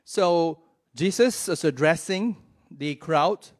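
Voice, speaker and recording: A man's voice: fairly high pitch, takes it slowly. A male pastor preaching a sermon in a church in a conversational way, often checking in with his listeners and drawing out key words for emphasis.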